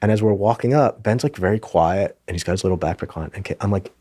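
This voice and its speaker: A man's voice: on the low side, fast talker, warm tone. A middle-aged man, a TV writer guest on a podcast, telling a story in casual chat with many restarts and self-corrections. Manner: rambling storyteller with frequent restarts.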